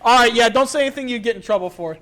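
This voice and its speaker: A young man with a very high, bright voice, worn thin from a long session of casting esports. He banters with players in a playful, teasing way. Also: rapid-fire. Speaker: esports shoutcaster interviewing players. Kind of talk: upbeat live esports interviews.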